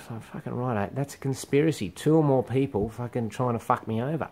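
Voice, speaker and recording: A man's voice: mid-range voice, fast, few pauses. A middle-aged Australian man, a comedian, delivering a blunt, profane, rambling rant straight to camera. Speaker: comedian vlogger. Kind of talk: ranting monologue to camera.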